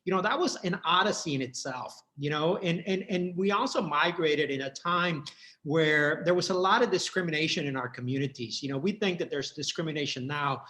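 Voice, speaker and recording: A man's voice: fairly high pitch, fairly quick, bright, forceful tone. Earnest middle-aged man from Mexico. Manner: earnest, heartfelt, many repeated starts. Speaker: guest, entrepreneur. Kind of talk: personal life story in interview.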